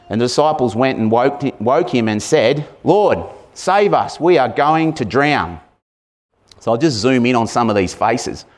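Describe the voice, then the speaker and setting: A man gives a sermon in a relaxed, conversational way, at a mid-range pitch. He is animated and chatty and keeps turning to the congregation with questions. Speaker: preacher.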